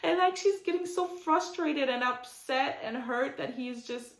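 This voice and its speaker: A woman's voice: sits high, measured pace, roomy sound. A young woman giving a casual recap of a reality show. She talks in a chatty, opinionated way, says "like" constantly and mocks the people she describes. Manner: chatty and opinionated, heavy use of "like", mocking quotes in character.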